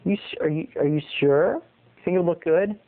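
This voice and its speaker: A man's voice: a little high, normal speed, natural voice. A man voicing his unsure, gullible young brother, speaking hesitantly and stammering. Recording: tinny phone-like lo-fi sound.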